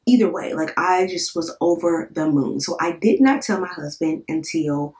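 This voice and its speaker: A woman's voice: fairly low pitch, moderate pace, darkish tone. A woman in her thirties, a vlogger, telling her personal story in a candid, emotional, conversational way, with lots of fillers and repeated words. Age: 30s. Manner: emotional, candid, swears in quoted thoughts. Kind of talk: casual storytelling to camera.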